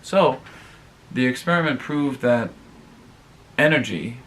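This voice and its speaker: A man hosts his own advice vlog, rambling casually with plenty of fillers and often turning aside to speak directly to his viewers. His voice is mid-range and a bit bright, and a little hiss or hum can be heard.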